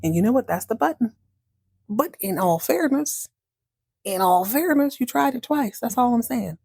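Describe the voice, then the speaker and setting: A woman's voice: fairly high pitch, expressive, moderate pace, creaky, mellow, breathy edge, dry recording, clean studio sound. A woman hosting a podcast, recapping a TV soap in a chatty, sarcastic, joking way. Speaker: podcast host. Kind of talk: casual TV recap.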